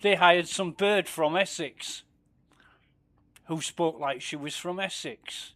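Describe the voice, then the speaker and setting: A man's voice: fairly high pitch, slow pace, fairly bright tone. A man streaming a space game, chatting casually, swearing freely and muttering asides under his breath. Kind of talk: casual gameplay commentary.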